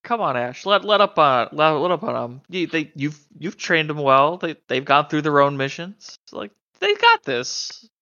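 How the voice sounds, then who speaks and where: A bubbly, optimistic woman of about thirty, voiced by a man, in a tabletop role-play. The voice is bright and tumbles over its words. The audio is muffled and lo-fi. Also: a little high, sing-song, normal speed, few pauses, pitched above the performer's own voice, full character voice. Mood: eager. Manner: eager, stumbling, fussing.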